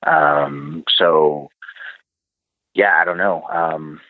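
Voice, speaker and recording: Guest man, deep voice, halting storyteller, heard over a dry, tinny phone-like line. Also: big pitch swings, gravelly, no echo. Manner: halting, many fillers and restarts. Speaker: podcast guest. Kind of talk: casual storytelling.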